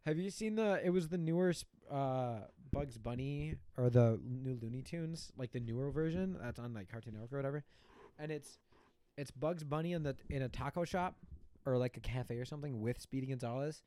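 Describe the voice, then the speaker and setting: A young man in casual chat, animated and laughing, often breaking into silly voices. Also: medium pitch, a little fast, smooth, no echo.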